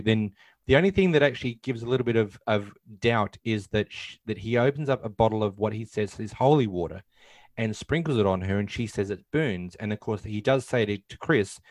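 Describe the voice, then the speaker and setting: A man's voice: on the low side, darkish tone, no echo. A man co-hosting a casual film discussion, retelling scenes and acting out lines, with many fillers. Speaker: podcast co-host.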